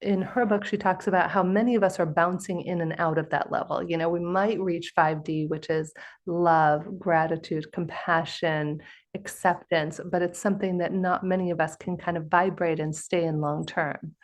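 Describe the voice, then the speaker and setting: A woman hosting a conversational podcast with a slightly low voice. She tells stories in an animated way, acting out the people she quotes. Her tone stays chatty and engaged. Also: normal speed. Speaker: podcast host. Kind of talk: conversational interview.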